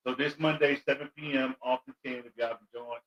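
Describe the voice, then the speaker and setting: Man, comedian guest, candid casual chat, bright voice, distant dull recording. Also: mid-range voice, fairly quick. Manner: relaxed, candid, stumbling over words.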